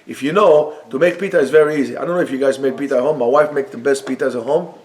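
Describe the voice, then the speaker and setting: Racing along in a mid-range voice, a man teaches Torah in a yeshiva study room. He brings energy, dramatizes the dialogue in the text, and mixes Hebrew quotes with his explanations.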